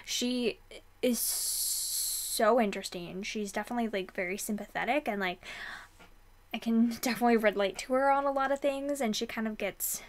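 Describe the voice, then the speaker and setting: A young woman talks through her reading month in a loose, chatty way, circling back and restarting her thoughts. Her voice sits a little high and she fills the pauses with ums. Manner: chatty, rambling, lots of fillers and restarts. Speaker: book vlogger. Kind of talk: casual book review chat.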